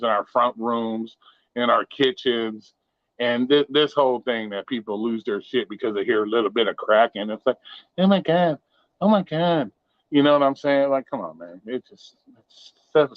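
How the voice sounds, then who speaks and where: A man's voice: medium pitch, moderate pace, no echo. A man hosting a casual livestream from his bedroom, talking in a loose, rambling, profane way. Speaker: live stream host. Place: home bedroom. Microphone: modest home mic. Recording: dull lo-fi home stream audio.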